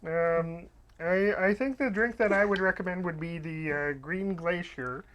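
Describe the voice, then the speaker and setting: A woman explaining a cocktail recipe, halting and hesitant. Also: lowish voice, highs cut off, slight background noise.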